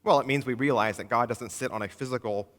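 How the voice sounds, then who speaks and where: A man's voice: mid-range voice, quick pace, fairly bright tone. A man preaching a sermon as pastor in a church, conversational and humorous, acting out little everyday exchanges. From moved to Texas from elsewhere. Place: church sanctuary. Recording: long church hall reverb.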